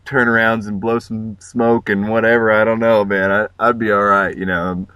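A man's voice: on the low side, level tone, normal speed, pushed and bright, clean tone, dry recording. A man chatting casually on a podcast, hesitant and full of fillers. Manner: hesitant, filler-heavy, laughs often.

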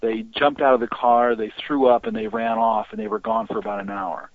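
Gravelly man on a tinny phone line. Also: mid-range voice, big pitch swings, no echo. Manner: rambling, halting with many restarts. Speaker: guest on deliverance ministry. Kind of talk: storytelling interview talk.

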